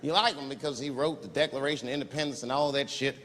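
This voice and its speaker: A man doing a stand-up comedy routine, animated and loud, leaping into high shouted voices. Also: quick pace, hardly any pauses. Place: large theater stage with audience. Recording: live hall recording, audience noise.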